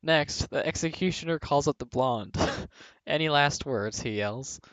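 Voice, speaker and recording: A man's voice: fairly high pitch, measured pace, a bit bright, no room sound. A young man reading jokes aloud for a video, often breaking into laughter partway through a line. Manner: breaks into laughter mid-sentence. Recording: dull, dry home recording.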